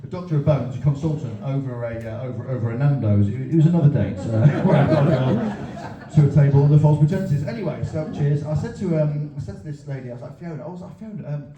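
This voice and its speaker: Rambling sweary stand-up comedian. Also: male voice, fairly high pitch, lively intonation, quick pace, a crowd in the background. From Grimsby, England. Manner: rambling, self-deprecating, sweary. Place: comedy club stage. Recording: roomy venue sound from a distance, dull.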